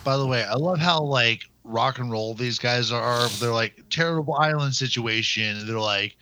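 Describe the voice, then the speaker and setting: A man's voice: mid-range voice, fairly even intonation, normal speed, pushed and bright, low-quality recording. A man joking casually about a film, playfully mimicking its scenes. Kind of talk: casual movie commentary.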